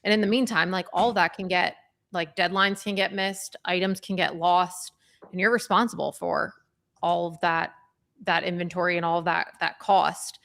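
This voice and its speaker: A woman's voice: on the low side, fairly even intonation, moderate pace, gravelly, a bit bright. A young woman co-hosting a livestream, talking conversationally with frequent fillers. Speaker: livestream co-host. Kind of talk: casual livestream chat.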